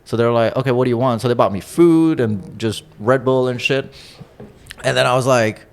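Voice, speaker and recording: A young man, a stand-up comedian and podcast guest, telling crude stories in a relaxed, profane way and laughing as he goes. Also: mid-range voice, normal speed. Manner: laid-back, profane, laughs through his stories. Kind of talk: casual storytelling chat.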